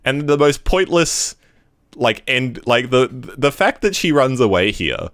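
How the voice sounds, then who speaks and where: A man co-hosting a casual comic book podcast, rambling and slipping into quick mock voices for characters. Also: mid-range voice, animated, a bit bright, dry recording, clean studio sound. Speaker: podcast co-host.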